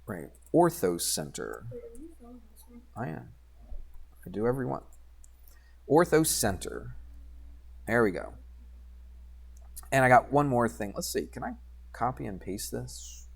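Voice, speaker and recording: A man's voice: medium pitch, big pitch swings, measured pace, creaky, long pauses, breathy edge. Casual male math teacher. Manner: conversational, asks students questions and answers himself; talks while working drawing software, mutters asides. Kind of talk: classroom geometry lesson.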